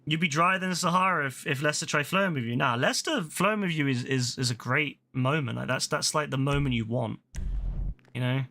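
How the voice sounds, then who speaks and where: Playful swearing gaming streamer. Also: male voice, fairly high pitch, a little fast, bright, forceful tone. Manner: rambling, playful, swears and laughs often. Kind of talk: casual gameplay commentary.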